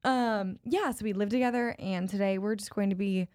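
A woman's voice: medium pitch, normal speed, a little mellow, no echo, studio quality. A young woman co-hosting a casual podcast, playful and laughing often as she talks. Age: young adult. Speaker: podcast co-host. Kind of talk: casual chat.

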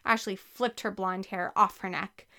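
A woman narrating a children's book with a lively, expressive reading. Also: mid-range voice, unhurried. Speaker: audiobook narrator. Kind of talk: scripted narration.

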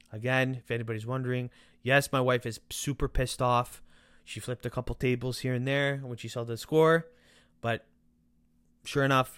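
A young man hosting a casual football podcast, excitable and animated, with loud outbursts and quieter asides. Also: mid-range voice, no room sound, clean studio sound. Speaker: podcast host.

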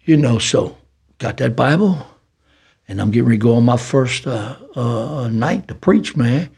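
Older male podcast guest, Southern city accent, husky and dark, lively preacher-style testimony. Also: medium pitch, normal speed. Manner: preacherly, animated storytelling with folksy talk. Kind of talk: storytelling testimony.

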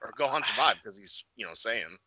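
A man in casual chat as a co-host, joking and reacting with quick exclamations and curses. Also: fairly low pitch, lively intonation, sharp tone, slightly rough, dry recording, muffled recording.

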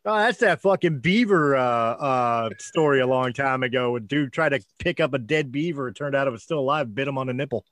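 A man's voice: medium pitch, fairly quick, few pauses, a bit bright. A man co-hosting a casual comedy podcast, cracking crude jokes and swearing freely. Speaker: podcast co-host.

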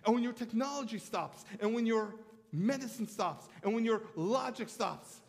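A man's voice: high voice, lively intonation, normal speed, creaky, a little mellow, in a large hall. A man preaching a sermon as pastor, telling stories and calling for amens from the congregation. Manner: storytelling preacher, calls for amens.

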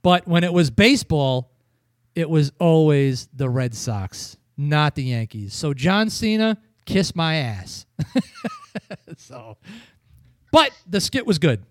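A man's voice: a little high, lively intonation, slow pace, no echo, studio quality. A man from New England ranting profanely as a podcast host in a casual wrestling review chat.

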